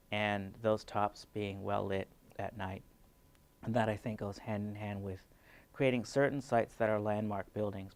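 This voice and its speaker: A man talks in an interview, his voice pitched low with a gravelly edge. He explains urban design in a steady, measured way and often stops for an uh or um. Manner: measured, explanatory, with frequent fillers. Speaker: city urban design planner. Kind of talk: conference video interview.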